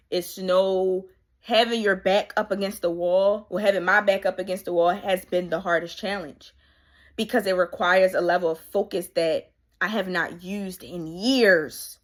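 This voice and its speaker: A woman's voice: lowish voice, fairly even intonation, moderate pace. A woman life coach speaking casually and emphatically to viewers, repeating key phrases and drawing on her faith. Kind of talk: candid motivational monologue.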